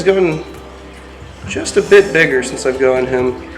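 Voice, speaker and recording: A fairly high-voiced man narrates a casual vlog, breaking often into excited high cooing at his snakes. He sounds distant from the mic in a roomy indoor space, with music running underneath. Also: normal speed. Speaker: reptile keeper and channel host.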